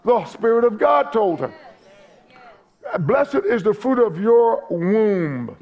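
A middle-aged male pastor preaching a sermon, growing excitable and building to loud, emphatic preaching with frequent repetitions. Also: sits high, takes it slowly, lo-fi sound.

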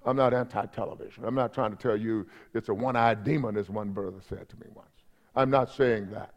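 A man's voice: on the low side, fairly even intonation, fairly quick. A man preaching a sermon in a conversational way, repeating himself and checking in with the congregation. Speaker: pastor.

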